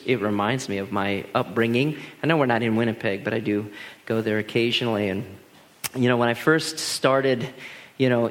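A man in his thirties, a pastor telling personal stories in a lively, animated sermon full of restarts. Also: mid-range voice. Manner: animated, laughing storyteller with many restarts. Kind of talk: storytelling sermon.

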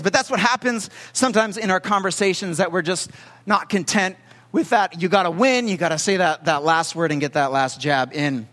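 A young man with a fairly high voice delivers a storytelling sermon, chatty and halting, full of "uh" and restarts. His voice trails off into a long hall reverb. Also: fairly bright tone. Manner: conversational, halting with fillers. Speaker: pastor.

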